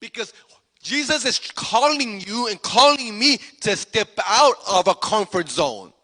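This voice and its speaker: A man preaching a sermon as pastor, animated and repetitive, acting out the speakers in the story. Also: sits high, a little slow. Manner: animated preaching, repeats phrases, acts out voices. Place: church sanctuary. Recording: long hall reverb.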